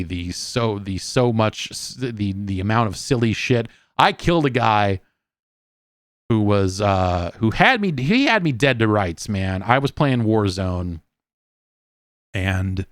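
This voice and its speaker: A man's voice: on the low side, no echo, studio quality. A man hosting a podcast, reading a listener email and telling loose, profane gaming stories with many restarts. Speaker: podcast host. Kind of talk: casual solo podcast talk. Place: quiet room at home.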